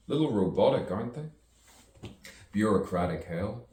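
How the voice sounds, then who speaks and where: Man with a very low voice, slow, playful rhyming ramble; distant mic in a roomy space. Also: lively intonation, a little mellow. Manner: playful, rhyming wordplay, frequent chuckles. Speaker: poet. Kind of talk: rambling improvised monologue.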